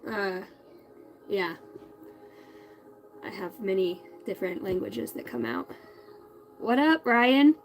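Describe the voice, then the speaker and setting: A woman's voice: mid-range voice, lively intonation, slow, vocal fry, pauses often, rough recording. Brief: woman, 30s, tarot live-stream host, profane, chatty, faint music behind. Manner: chatty, blunt and profane, greets viewers. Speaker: tarot reader hosting a livestream. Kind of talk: casual live-stream chat.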